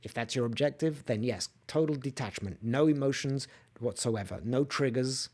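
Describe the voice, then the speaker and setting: Animated man hosting a coaching podcast. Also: medium pitch, moderate pace. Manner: animated, acts out quoted outbursts, asks listeners to comment. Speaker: podcast host and empath coach. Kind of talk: solo motivational podcast talk.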